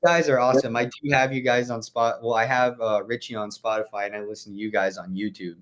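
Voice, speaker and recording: A man's voice: mid-range voice, flat delivery, quick pace, fairly bright tone. A young man chatting as a podcast guest, rambling with lots of "like" fillers and casual swearing. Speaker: guest musician.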